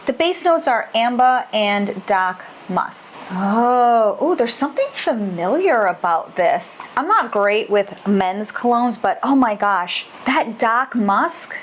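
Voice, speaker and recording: A woman's voice: fairly high pitch, expressive, slow pace, hardly any pauses, a little hiss or hum. A woman in her adult years giving a casual, enthusiastic product review as a candle maker, exclaiming often as she talks.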